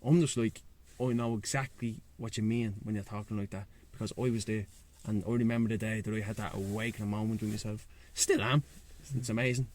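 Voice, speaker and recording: This guest, a breathwork and sea-swim facilitator with a Dublin Irish accent, speaks a little fast in a lowish, darkish voice with little pitch movement. The casual seaside chat is outdoors, and he's frank, slangy, and swears freely.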